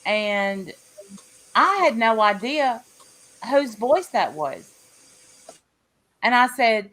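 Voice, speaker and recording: A woman's voice: a little high, expressive, slow pace, pauses often, fairly bright tone. A woman from Tennessee with a Southern accent, talking bluntly in a casual chat.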